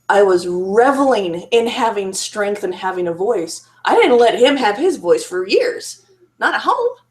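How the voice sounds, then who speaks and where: A woman speaking candidly to camera about her marriage and therapy, frank and self-critical, laughing now and then and restarting her sentences. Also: mid-range voice. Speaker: survivor sharing her story. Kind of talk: candid personal monologue to camera.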